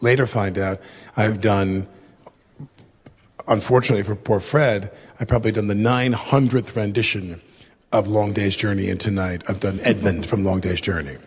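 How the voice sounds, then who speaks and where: A man in his fifties with a raspy voice, talking candidly and rambling a little as a guest in a studio interview. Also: on the low side, steady tone, normal speed. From United States. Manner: rambling, many fillers and self-corrections. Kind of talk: candid conversational storytelling.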